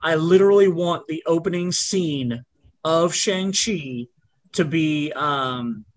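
A man's voice: on the high side, slow pace. A man hosting a podcast, talking in a rambling, blunt way with frequent restarts. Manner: rambling, blunt, self-correcting. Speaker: podcast host. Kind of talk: casual chat.

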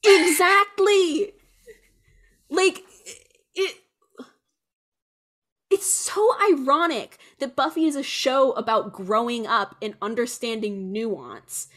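A woman's voice: on the high side, lively intonation, slow pace. A young woman co-hosting a podcast, rambling in casual chat with many fillers. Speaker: podcast co-host.

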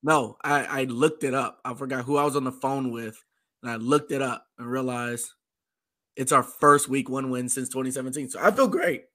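Brief: hoarse male co-host, bright forceful tone, excitable fan energy. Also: mid-range voice, moderate pace. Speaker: podcast co-host. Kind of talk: casual chat.

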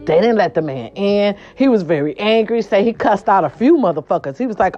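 A woman hosting a casual gossip show, sassy and animated, swearing freely, with a hoarse voice from a sore throat. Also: mid-range voice, fairly quick, few pauses, dull audio. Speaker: host.

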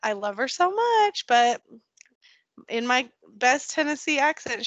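A woman's voice: high voice, very animated, a little slow, fairly bright tone, no room sound. A woman in her thirties, a podcast guest, chatting candidly and emphatically, laughing often. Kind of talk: casual conversation.

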